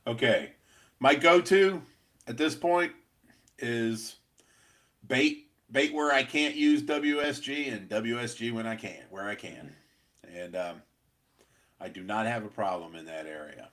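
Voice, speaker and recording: A middle-aged man co-hosting a pest control podcast, talking casually in a rambling, blunt, profane way with many halting restarts. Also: on the low side, fairly bright tone.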